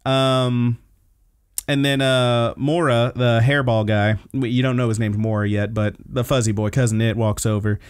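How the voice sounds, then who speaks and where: A man's voice: medium pitch, steady tone, moderate pace, clear, resonant tone, no echo. Laid-back man recapping, dry sound. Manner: laid-back, swears casually. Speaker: podcast host. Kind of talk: casual episode recap.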